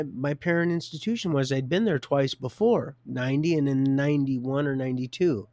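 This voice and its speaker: Fifties male streamer, rambling life-story teller with a middle pitch, dry recording. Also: normal speed, hardly any pauses, darkish tone, no room sound. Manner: rambling, stops and restarts, chuckles a lot. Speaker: live streamer telling his life story.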